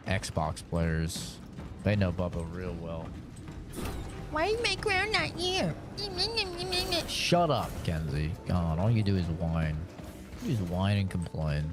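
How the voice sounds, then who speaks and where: A man streaming a horror game live, chatting casually and teasing viewers with plenty of swearing. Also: sits low. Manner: teasing, profane, rambling.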